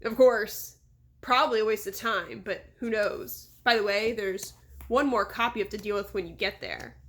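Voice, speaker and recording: Brief: brash fairy boy, swaggering, loud, read by a woman. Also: medium pitch, moderate pace. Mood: cocky. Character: boastful flying fairy boy, cocky.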